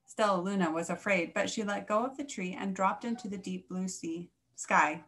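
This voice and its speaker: A woman reading a children's picture book aloud, with clear, expressive storytelling. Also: mid-range voice, moderate pace.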